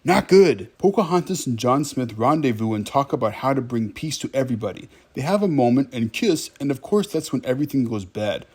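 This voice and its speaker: A man's voice: mid-range voice, lively intonation, brisk, hardly any pauses, husky. Chatty man recapping a movie. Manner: wry, chatty, talks to viewers. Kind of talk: casual movie recap commentary.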